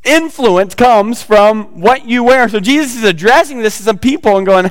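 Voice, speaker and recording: A male pastor preaches in a loose, conversational way and throws teasing asides to his congregation. His voice sits high for a man. The sound carries a long, hall-like reverb. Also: normal speed, few pauses, clean tone. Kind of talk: sermon.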